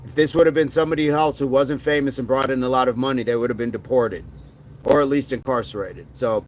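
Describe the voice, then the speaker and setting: A man's voice: medium pitch, fast talker, a little hiss or hum. A middle-aged man hosting a casual livestream, reading chat comments and joking, now and then slipping into a mock movie-gangster voice. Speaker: livestream host.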